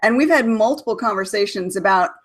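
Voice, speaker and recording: A woman's voice: mid-range voice, lively intonation, brisk. Chatty American woman host. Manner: warmly enthusiastic, chatty. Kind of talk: casual interview chat.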